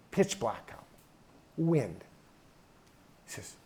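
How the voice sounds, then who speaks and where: A man's voice: lowish voice, lively intonation, takes it slowly, long pauses, warm tone, a little hiss or hum. A middle-aged man speaking at an event in a hangar, telling a folksy, emphatic story in a drawling manner. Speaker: guest speaker. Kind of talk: storytelling talk.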